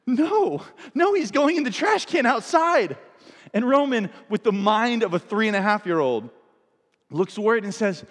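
A man's voice: high-pitched, animated, normal speed, a bit bright, in a large hall. A man in his thirties, a pastor preaching a sermon with playful storytelling and comic timing.

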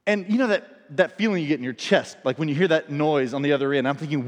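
Guy in his 30s preaching, high-ish voice, funny family stories, echoey church. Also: expressive, a little fast, hardly any pauses. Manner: storytelling, playful, builds comic timing. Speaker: pastor. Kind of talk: sermon.

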